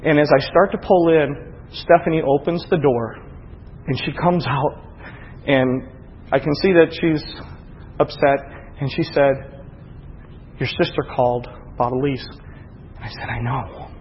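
A man preaching a sermon, moving from quiet storytelling to rising, emphatic preaching. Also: a little high, a little slow, a little hiss or hum. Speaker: pastor. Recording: dull, echoey hall audio.

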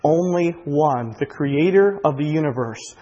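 A male pastor in his thirties delivers a sermon. His voice is slightly husky and sits fairly high. He moves between quiet, intimate reflection and swelling, passionate preaching, with a long reverb from a big church hall. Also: expressive, unhurried, dull audio. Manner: builds from quiet reflection to impassioned, near-shouted preaching.

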